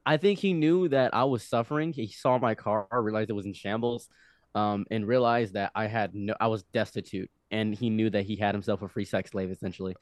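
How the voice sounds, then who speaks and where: A man's voice: fairly low pitch, fairly quick, no room sound, clean studio sound. A man in his twenties, a podcast guest, telling a rambling story with lots of restarts. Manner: animated, rambling, frequent restarts. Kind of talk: casual storytelling.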